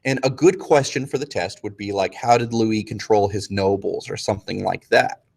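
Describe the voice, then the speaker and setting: A man teaching a casual history review lesson, joking with students and slipping into quick, slangy voices for historical figures. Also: fairly low pitch, creaky, darkish tone, breathy edge.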